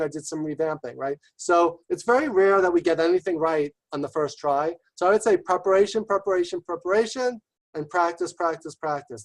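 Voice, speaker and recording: A man giving a webinar presentation, talking quickly and enthusiastically and checking in with "right?" often. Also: a little high, poor audio. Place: remote webinar.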